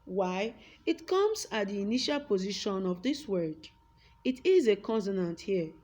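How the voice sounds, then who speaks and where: A young woman with a Nigerian English accent explains a phonetics lesson at a whiteboard. Her pitch sits in a middle range. She repeats each example word aloud and slows right down on the words she wants to stress. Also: very animated, a little mellow. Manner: slow, drawn-out words when stressing a point. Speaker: English teacher.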